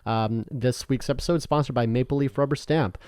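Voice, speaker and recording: Young man from Canada, podcast co-host, loose rambling chat, medium pitch, dry close mic. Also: brisk, darkish tone, smooth, no echo. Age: young adult. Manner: rambling, laughs often, swears casually. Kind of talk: casual chat.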